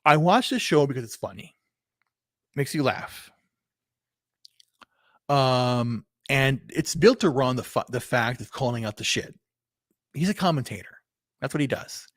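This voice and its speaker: A man's voice: medium pitch, lively intonation, fairly bright tone, dry recording. 50-something guy rambling on his stream, keeps restarting, swears a bit, dry close sound. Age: 50s. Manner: meandering, halting, many restarts and repeated words; blunt, swears casually. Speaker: vlogger. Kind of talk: rambling solo livestream talk.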